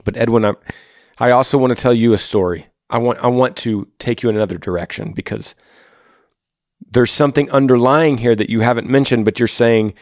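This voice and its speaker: A man's voice: mid-range voice, moderate pace, long pauses, no room sound. Earnest man giving advice, dry sound. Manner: earnest, fatherly, repeats himself. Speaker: podcast host. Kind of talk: casual podcast advice and ad reads.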